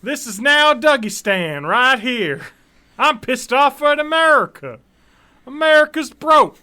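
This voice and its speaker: A man voicing an angry Texan man who has declared his own nation, ranting loudly in a put-on Texan accent. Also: very high voice, lively intonation, measured pace, clear, resonant tone, pitched above the performer's own voice, exaggerated voice. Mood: indignant. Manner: loud, indignant ranting.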